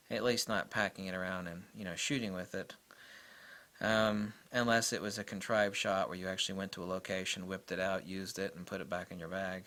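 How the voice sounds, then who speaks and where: A man's voice: fairly low pitch, pushed and bright. A man giving a rambling, enthusiastic camera review in a casual way, full of fillers and restarts.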